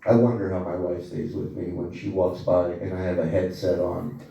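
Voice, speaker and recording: A man doing a stand-up comedy set on a club stage, telling profane, animated stories with asides to the crowd. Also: low-pitched, normal speed, creaky, muffled recording. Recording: echoey club audio from far off. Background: small audience laughing.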